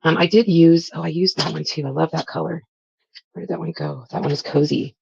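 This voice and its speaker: A woman's voice: low voice, steady tone, brisk, creaky, a little mellow, breathy edge, dry recording, highs cut off. A woman vlogger chatting casually as she walks through a crafting project step by step, with frequent fillers.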